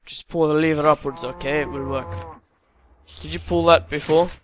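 A man's voice: a little high, fairly even intonation, normal speed, a bit bright, a little hiss or hum. An English man hosting a let's play, chatting casually and teasing his co-player. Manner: joking, teasing banter. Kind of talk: casual gameplay chat.

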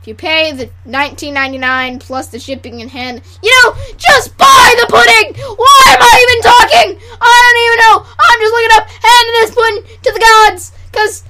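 A woman putting on a hyper male pitchman selling pudding in a mock commercial, shouting frantically. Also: a little fast, few pauses. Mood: manic shouting.

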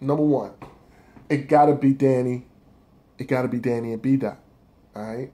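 A man's voice: medium pitch, fairly even intonation, normal speed, dark tone. A man casually counting down his favorite rap battles of the year on his own blog, talking loosely and cursing freely. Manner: loose, profane, rambling street talk.

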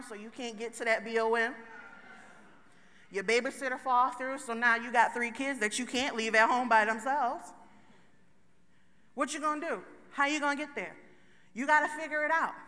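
A woman speaks from a stage in a big conference hall. Her voice is high and bright. She talks to the crowd directly in a loose, joking way, and the long reverb of the hall trails after her words. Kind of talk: motivational talk to a live audience.

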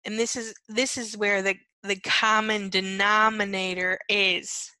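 Woman, empathy coach, earnest teaching monologue, bright edgy tone, dry close recording. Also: mid-range voice, flat delivery, measured pace, clean tone, dry recording, low-quality recording. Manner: earnest, repeats key phrases, frequent "right?" and "okay".

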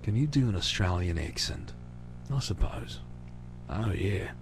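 A man from the United States chatting casually with hesitant pauses as the host of his own channel. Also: low voice, animated, vocal fry, music in the background. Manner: rambling, hesitant, full of pauses. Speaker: channel host answering questions. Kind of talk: casual recorded chat.

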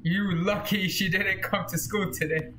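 A man's voice: high-pitched, steady tone, unhurried, sharp tone, slight background noise, voice pushed up. A man reading as a taunting schoolmate.

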